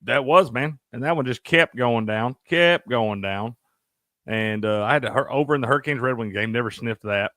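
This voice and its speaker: A man of medium pitch speaks at a moderate pace, recorded with studio quality and no echo. He co-hosts a relaxed sports betting chat, animated and profane, laughing often.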